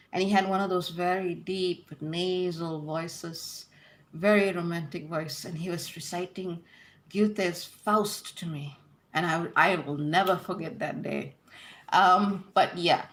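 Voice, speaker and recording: Bright-voiced woman reading chat aloud. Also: medium pitch. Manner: reads viewer comments aloud and answers, laughing easily. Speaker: host answering live chat questions. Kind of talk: casual livestream Q&A.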